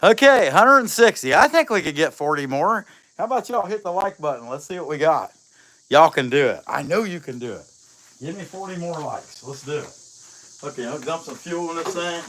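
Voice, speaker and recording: Folksy man with a lively voice. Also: a little high, brisk, poor audio. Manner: folksy, joking, rambling with fillers. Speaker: chainsaw carver, livestream host. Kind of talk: casual livestream chat. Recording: faint outdoor noise.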